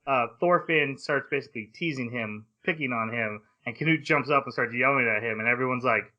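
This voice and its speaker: A man's voice: mid-range voice, a little fast, sharp tone, dull audio. A grown man hosting a casual anime discussion podcast, retelling the plot at length with fillers and playful paraphrased quotes. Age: adult. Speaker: podcast host.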